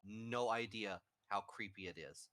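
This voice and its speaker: A man playing a tabletop role-playing game, talking casually in an animated, joking way. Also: fairly low pitch, measured pace. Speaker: player.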